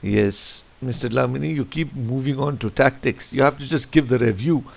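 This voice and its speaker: Guy doing a grumpy heckler telling him to hurry up, low and gravelly, muffled lo-fi audio. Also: brisk. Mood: scolding. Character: impatient male heckler urging the reviewer on. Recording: lo-fi screen recording.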